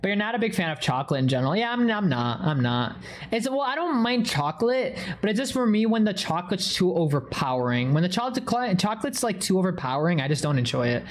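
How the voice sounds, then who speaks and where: A woman's voice: lowish voice, big pitch swings, fast. A young woman streaming live, chatting casually and telling a story with a lot of swearing.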